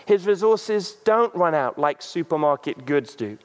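A man preaching a sermon as a pastor, halting, with many fillers. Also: a little high, expressive. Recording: long reverb.

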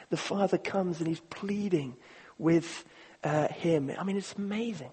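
A man preaching a sermon, earnest and halting, repeating words and swinging between loud appeals and hushed moments. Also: on the high side, husky. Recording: long reverb of a large hall.

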